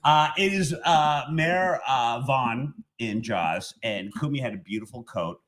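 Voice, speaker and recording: Man, stand-up comedian, guest, rambling self-deprecating stories, lively pitch, bright tone. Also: measured pace. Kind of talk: casual podcast banter.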